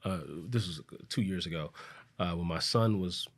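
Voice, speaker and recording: A man, a podcast guest telling a personal story in an earnest, casual way. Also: moderate pace. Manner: earnest, acts out quoted voices, low and soft at emotional points. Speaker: podcast guest, business coach.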